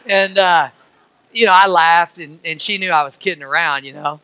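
A man's voice: fairly high pitch, normal speed, bright, forceful tone, clear, resonant tone, dry recording. A middle-aged male pastor delivering a sermon, folksy storytelling that builds to emphatic preaching.

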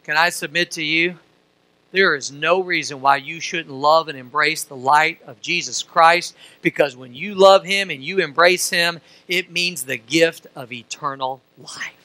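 A middle-aged man from Missouri preaching a sermon as pastor. He uses call-and-response questions and swings from soft to loud. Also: a little high, dry recording, rough recording.

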